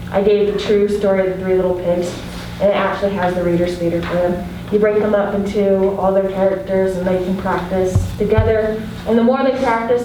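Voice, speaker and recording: A woman giving a casual class presentation on reading activities, often filling her speech with "like". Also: mid-range voice. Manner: casual, frequent "like". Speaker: education student presenting. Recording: echoey classroom, distant mic, background noise.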